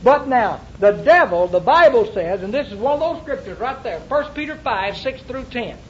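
A man's voice: very high voice, lively intonation, moderate pace, muffled recording, slight background noise. A male pastor preaching a sermon to a congregation, with emphatic repetition and rhetorical questions. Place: church before a congregation.

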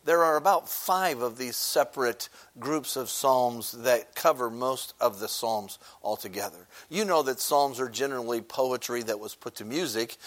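In a medium-pitched voice, a man preaches a sermon like a conversational teacher, sprinkling in plenty of filler words and posing questions to the congregation as he explains. At one point he briefly sings a short chorus.

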